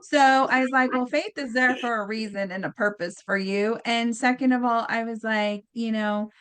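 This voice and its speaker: A woman's voice: on the high side, moderate pace, clear, resonant tone. A woman telling a story in a casual chat, acting out quotes with lots of fillers. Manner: animated, acts out quotes, many fillers. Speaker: guest healer.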